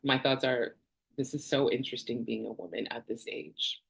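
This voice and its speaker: Woman in her forties, from Canada, candid chatty vlogger, rambling asides, quick laughs. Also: rumbling low, fairly even intonation, gravelly, husky. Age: 40s. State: tearful at times. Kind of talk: personal health vlog.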